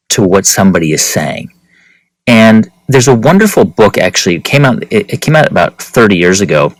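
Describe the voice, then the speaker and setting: A male podcast guest with a very lively, swinging delivery, acting out the voices in his stories. Recorded dry and close, with almost no room sound. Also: on the low side, no room sound, poor audio. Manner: animated storyteller, acts out quotes. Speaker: podcast guest, interviewer of founders. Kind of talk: conversational interview.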